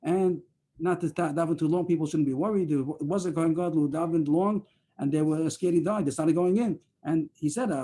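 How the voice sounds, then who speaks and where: A man leads a Talmud study session over a video call. He talks quickly in a mellow, darkish voice and keeps restarting his sentences. He is a bit higher pitched than most men. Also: slight background noise. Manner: rambling, halting explanation with many fillers and restarts. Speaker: Talmud class leader.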